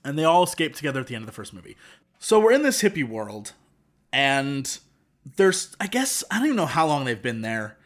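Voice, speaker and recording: A man co-hosting a casual podcast, recapping a movie with sarcastic, animated storytelling and mock quotes. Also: mid-range voice, a little fast. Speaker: podcast co-host.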